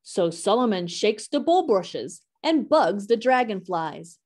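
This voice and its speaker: A woman reading a children's picture book aloud in an expressive, sing-song way. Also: medium pitch, slow. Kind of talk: storybook read-aloud.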